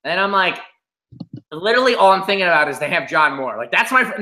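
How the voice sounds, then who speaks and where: A young man co-hosts a casual podcast, talking in animated, sarcastic rants. His voice is bright and sits a little high. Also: quick pace. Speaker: podcast co-host. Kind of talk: casual chat.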